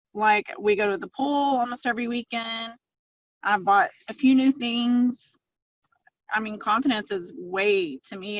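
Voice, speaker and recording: Woman guest, chatty storyteller, dry lo-fi sound, mid pitch. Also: no room sound. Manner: chatty, storytelling with quoted asides. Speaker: podcast guest, fitness client. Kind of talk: casual interview chat.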